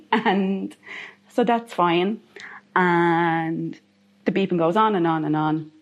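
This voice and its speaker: A woman's voice: lowish voice, drawn-out words. A woman with an Irish accent, a guest telling a personal story in an interview, repeating phrases for emphasis.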